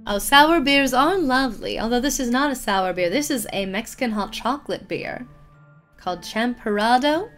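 Lively, high-voiced woman streamer. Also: moderate pace, soft background music. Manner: playful, theatrical detective banter. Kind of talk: casual game commentary.

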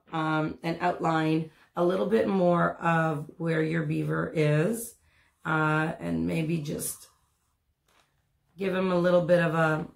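Low gravelly woman teaching kids to draw. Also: echoey room. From Canada. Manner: chatty and encouraging, many ums and asides. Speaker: art teacher. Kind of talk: step-by-step drawing lesson for children.

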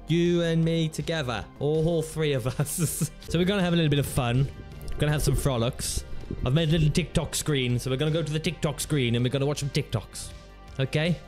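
A man's voice: mid-range voice, a little mellow. A man hosts his channel in loose, rambling reaction commentary, full of jokes and playful swearing. His voice sits in a middling range for a man. Faint music plays behind him. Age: adult parent of a teenager. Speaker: channel host.

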